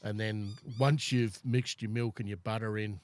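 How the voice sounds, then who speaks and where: A man's voice: lowish voice, steady tone, normal speed. A middle-aged Australian man hosting a casual podcast chat over beers, blunt and swearing freely as he tells stories. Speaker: podcast host.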